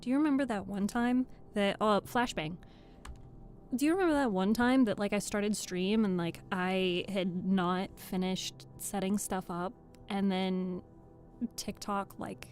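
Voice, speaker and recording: A woman's voice: mid-range voice, steady tone, unhurried, a little mellow, soft background music. A young woman chatting and joking casually with her live-stream viewers at the microphone. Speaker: streamer and audiobook reader.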